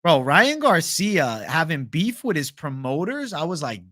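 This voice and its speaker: A man's voice: on the high side, sing-song, unhurried, sharp tone, dry recording, clean studio sound. A young man hosting a live stream, reading viewer comments in a laid-back, chatty, profane way. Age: young adult. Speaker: host.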